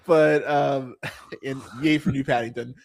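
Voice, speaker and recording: A man's voice: mid-range voice, fairly even intonation, a little slow, creaky. A young man hosting a podcast, chatting casually and profanely about bad movies, rambling with many fillers and laughing as he goes. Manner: rambling, profane, laughing often, swooping into mocking voices. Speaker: podcast host. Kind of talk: casual movie review chat.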